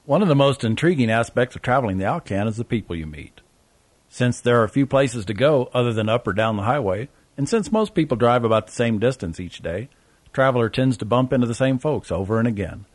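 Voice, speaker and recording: A man's voice: medium pitch, lively intonation, brisk, dry recording. A man narrating a travel memoir in a wry, sardonic way.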